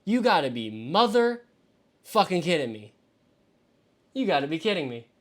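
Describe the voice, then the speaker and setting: A man hosting a live stream as he works through a mock draft, talking to himself and swearing freely. He swings between exasperated yelps and low mutters. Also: very animated, normal speed, a bit bright. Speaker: fantasy football show host. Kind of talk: live-streamed solo commentary.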